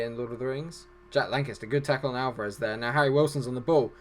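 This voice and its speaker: An excitable man narrates his football management game in mid-pitched, mid-range tones. He jokes at his own expense and swings from groans to cheers. The talk sounds like it comes from his desk at home. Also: fast talker. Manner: excitable, joking, self-deprecating. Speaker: gaming YouTuber.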